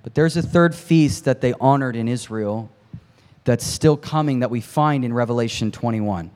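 A man preaching a sermon with passion, swinging from quiet storytelling to near-shouting and chatting with the congregation between points. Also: mid-range voice, moderate pace, long reverb tail. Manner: impassioned, climbs to near shouting at peaks; conversational asides to the congregation. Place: large hall with long reverb.

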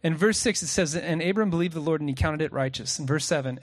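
A man preaching a sermon outdoors at sunset, lively and joking, often asking the crowd questions and reading scripture aloud. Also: fairly high pitch, fast talker, few pauses.

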